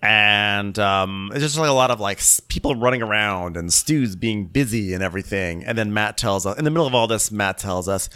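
A man co-hosting a podcast, recapping a reality show in casual chat and jumping into high mock voices to imitate the people on it. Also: fairly quick, few pauses, bright, forceful tone, smooth. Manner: jokey, mimics people in high falsetto voices. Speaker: podcast co-host.

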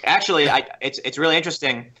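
A man talking as a podcast guest, telling a story in animated, casual chat full of "like" and restarts. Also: fairly high pitch, fast talker.

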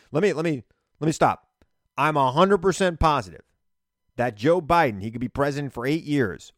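A middle-aged man giving an animated, emphatic political monologue as a radio and TV commentator. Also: mid-range voice, no room sound, studio quality.

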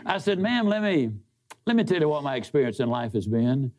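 A man with a high speaking voice tells a story to an audience as a motivational speaker. He talks in a folksy, emphatic way, dropping low for punchlines and rising for emphasis. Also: sing-song, a little fast, darkish tone. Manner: folksy, emphatic, big swings in pitch.

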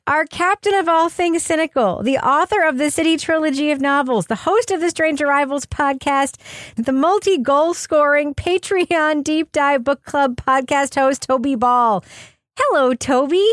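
A woman hosting a podcast, upbeat and quick to laugh as she introduces her guests. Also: sits high, a bit bright, dry recording, clean studio sound. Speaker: podcast host. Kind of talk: casual chat.

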